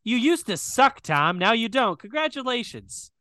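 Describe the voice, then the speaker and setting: A man's voice: very high-pitched, big pitch swings, normal speed, bright, forceful tone, no room sound. A man co-hosting a podcast, making dry sarcastic quips. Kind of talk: casual chat.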